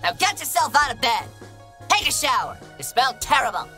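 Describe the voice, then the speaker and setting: A woman's voice: medium pitch, sing-song, normal speed, fairly bright tone, faint music behind. An actress playing a stern, sarcastic woman who scolds a lazy young man in blunt terms. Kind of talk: game dialogue.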